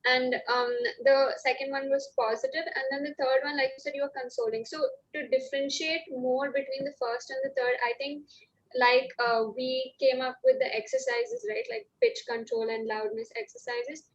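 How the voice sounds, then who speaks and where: A woman's voice: sits high, moderate pace, creaky. A woman, an acting student giving hesitant feedback with many fillers. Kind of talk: class feedback. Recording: lo-fi call audio.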